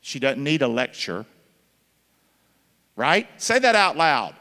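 Guy preaching, big echoey church, gets loud then drops way down, keeps asking the crowd to say it back. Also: on the high side, big pitch swings, a little slow. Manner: calls for congregation responses, swings between loud and hushed. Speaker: pastor. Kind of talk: sermon. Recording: long hall reverb.

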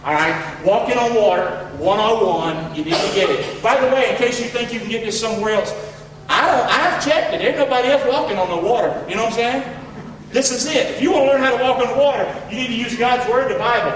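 A man preaching a sermon in a folksy, preacherly way that rises to shouts, recorded from far off in an echoey hall. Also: sits high, expressive, quick pace, a little hiss or hum. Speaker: pastor.

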